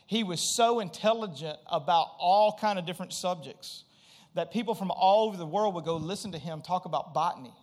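A middle-aged man with a drawl delivers a sermon from the pulpit. His voice sits high for a man, and he tells stories with animation, slipping into the voices of the people he quotes and calling out to the congregation. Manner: animated storytelling, acts out quotes, addresses congregation directly. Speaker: pastor.

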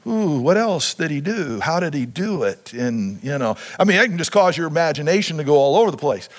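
A pastor preaching a sermon in a high, lifted voice. He keeps turning to the congregation with questions and prompts. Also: sing-song, a little fast, few pauses. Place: church sanctuary.

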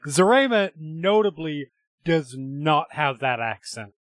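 A man's voice: a little high, expressive, slow pace, no echo, studio quality. A man playing a tabletop role-playing game, chatting out of character in a joking, self-deprecating way.

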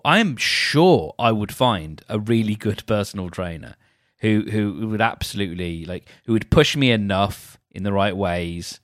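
A man's voice: fairly low pitch, dry recording, studio quality. A man hosting a solo podcast, chatting in a meandering, self-deprecating way. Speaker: podcast host. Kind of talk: rambling solo podcast chat.

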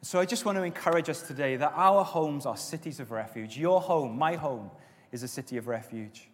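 A man preaching a sermon as pastor, with stretches of loud, emphatic exhortation and softer prayer. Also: fairly high pitch, fairly quick. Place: church auditorium. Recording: long reverb of a church hall.

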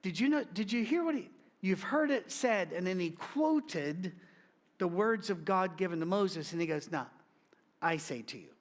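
Animated, high-voiced preacher man. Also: moderate pace. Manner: conversational preaching with wide swings in pitch and loudness. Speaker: pastor. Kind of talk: sermon.

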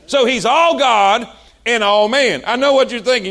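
High-pitched preacher calling out. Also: male voice, expressive, moderate pace. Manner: call-and-response preaching, building to shouts; drawling folksy asides. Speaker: pastor. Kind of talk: sermon.

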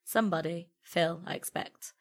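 A woman reading a first-person story aloud in a measured, intimate storytelling manner. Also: lowish voice. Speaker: narrator.

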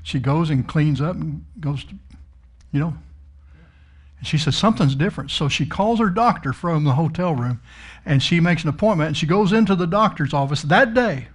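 A man's voice: a little high, lively intonation, moderate pace, husky. A middle-aged man preaching, telling a story in a folksy, emphatic way. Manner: folksy, emphatic, swells up on key words. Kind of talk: storytelling sermon.

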